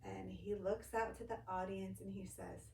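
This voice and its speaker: With a medium-pitched voice, some vocal fry, and a moderate pace, a woman guest who directs a ministry relates a story conversationally. She animates it by voicing the people she quotes, captured in an echoey church room or studio through a far-off mic with light hiss.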